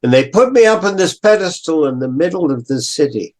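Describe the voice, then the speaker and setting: An older man voicing a sorrowful young prince statue who pleads gently, retold as a story in a lecture. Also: on the high side, animated, pitched above the performer's own voice, close to an everyday voice. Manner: pleading, repeats his refrain slowly.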